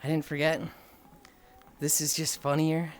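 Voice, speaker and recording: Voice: mid-range voice, monotone, a little slow, slight background noise. A streamer chatting casually with viewers while walking on a treadmill, tired from the long walk, exasperated and sighing often. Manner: exasperated, sighing often, reading and answering chat. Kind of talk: casual live-stream chat.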